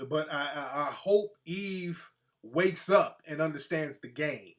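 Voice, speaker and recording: A male host talks through his opinions in loose, profane commentary. His voice sits fairly high for a man. He delivers it with energy and often drops into quick mocking impressions of other people. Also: animated, fairly bright tone.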